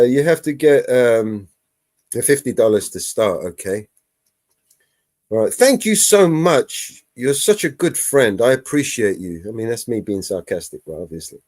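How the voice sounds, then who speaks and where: A man's voice: on the high side, a little mellow, no room sound. A man hosting a live stream, chatting casually and sarcastically, laughing and swearing often.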